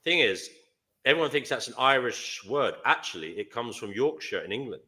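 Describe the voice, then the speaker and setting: Bright-voiced chatty male host. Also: mid-range voice, expressive. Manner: chatty, rambling, quick asides. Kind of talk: live online panel chat.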